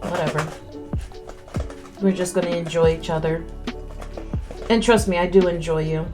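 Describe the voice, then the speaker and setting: A woman with a lowish voice chats casually on stream, pausing to chew between words. She speaks candid and rambling into a close microphone. Soft music plays faintly underneath. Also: fairly even intonation. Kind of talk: casual chat while eating. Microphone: close desk mic.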